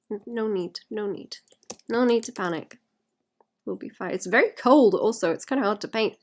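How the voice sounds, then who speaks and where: A woman's voice: a little high, very animated, normal speed. Sweary woman chatting on a stream. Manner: sweary, self-mocking, mutters and whispers to herself. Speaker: artist streaming while painting. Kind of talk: live-stream chat with viewers.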